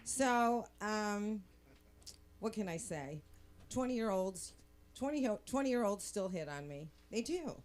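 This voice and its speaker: A woman's voice: medium pitch, expressive, a little hiss or hum. A middle-aged woman doing a brash, bawdy stand-up set. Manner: brash, bawdy, slow deliberate delivery. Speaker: stand-up comic.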